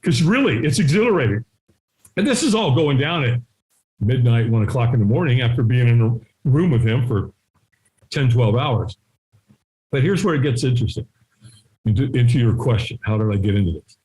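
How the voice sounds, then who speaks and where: A middle-aged man telling a story as an interview guest, acting out the voices of people in it and sometimes shouting. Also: medium pitch, expressive, normal speed, pauses often. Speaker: guest, firewalking instructor. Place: his home.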